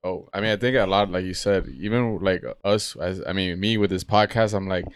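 A man hosting a podcast, talking in a relaxed, slangy, rambling way. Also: sits low, brisk, smooth, dry recording, studio quality. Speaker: podcast host. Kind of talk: casual podcast chat.

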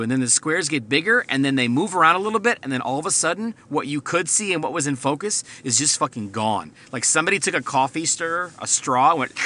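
A man's voice: on the high side, sharp tone. A man hosting a podcast, telling a rambling, profane story from inside his car. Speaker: podcast host. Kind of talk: casual storytelling monologue.

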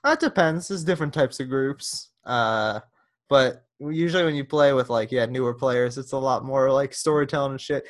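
A man's voice: medium pitch, normal speed. A man chatting casually as a podcast host, telling rambling, self-deprecating stories. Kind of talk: casual comedic chat.

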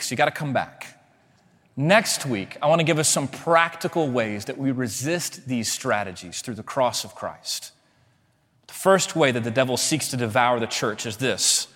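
A man preaching a sermon as a pastor, swinging between loud emphatic lines and hushed ones. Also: fairly high pitch. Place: church sanctuary. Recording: long hall reverb.

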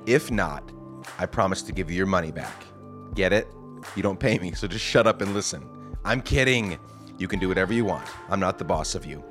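A man's voice: deep voice, lively intonation, brisk, fairly bright tone, faint music behind. A man hosting a podcast with a casual, joking manner and a groggy morning voice. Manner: jokey, casual, self-deprecating. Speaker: podcast host. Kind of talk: conversational podcast interview.

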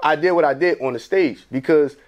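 A man's voice: a little high, a little fast. A man co-hosting a podcast, telling a long story in casual, profane talk and acting out other people's lines. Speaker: podcast co-host.

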